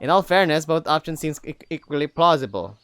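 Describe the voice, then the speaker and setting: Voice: medium pitch, animated, a little fast, fairly bright tone, dry recording. A narrator reading a fantasy story aloud in the first person, wry and exasperated. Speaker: narrator and reader.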